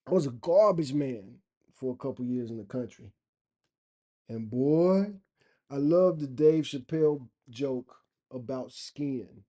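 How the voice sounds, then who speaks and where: His voice is warm and medium-pitched, and he speaks slowly. The middle-aged man tells stories to camera as a vlogger in a casual monologue, earnestly stressing his points and drawing out each phrase.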